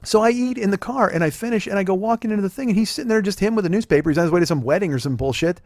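A man in his forties hosting a podcast, rattling off profane comic stories full of restarts. He talks very fast in a slightly high voice. The sound is dry and close to the mic. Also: no room sound. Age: 40s. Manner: rapid, profane, animated rambling with restarts. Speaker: podcast host. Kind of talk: casual comedic storytelling.

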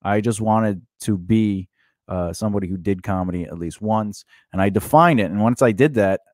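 A man co-hosts a podcast in loose comedic chat, rambling with plenty of fillers and restarts. His voice sits fairly low. The sound is dry and close. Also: normal speed, a little mellow, dry recording. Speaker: podcast co-host.

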